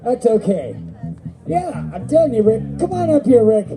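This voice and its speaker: A middle-aged man works an outdoor festival stage as emcee, rambling through jokes and stories. His voice sits high and comes across dark and mellow. Music plays faintly behind him. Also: very animated, normal speed, poor audio. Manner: rambling, joking, storytelling. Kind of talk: stage banter.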